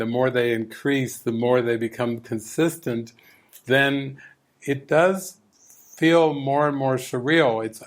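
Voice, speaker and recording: A man teaches a retreat group over a video call in a mid-pitched, gentle voice. He speaks unhurriedly and often repeats a word as he finds his thought. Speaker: spiritual teacher leading a retreat. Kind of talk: calm spiritual teaching.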